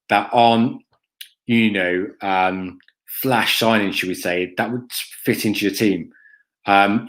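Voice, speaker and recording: An adult man with a school-age son runs a fan live stream, reading chat and answering bluntly with plenty of swearing, ums, and "mate." His voice is lowish with a fairly bright tone.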